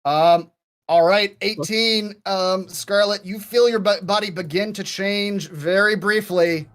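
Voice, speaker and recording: Man running a tabletop game, halting. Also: sits high, fairly even intonation, fairly bright tone. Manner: halting, lots of fillers. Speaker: game master.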